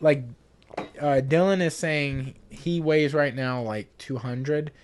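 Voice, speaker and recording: A man's voice: fairly high pitch, slow, a little hiss or hum. Laid-back young male podcast co-host. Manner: laid-back, swears casually, laughs often. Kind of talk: casual chat.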